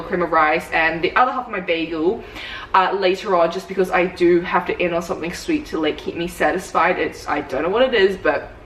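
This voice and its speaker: A woman's voice: lowish voice, a bit bright. A young woman chats in a loose, rambling vlog style, her stories full of "like", sitting some way back from the mic. The room sounds echoey, with a faint ambient hum behind her. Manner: chatty storytelling, full of "like". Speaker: fitness coach. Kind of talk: casual vlog chat. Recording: roomy, distant, faint ambience.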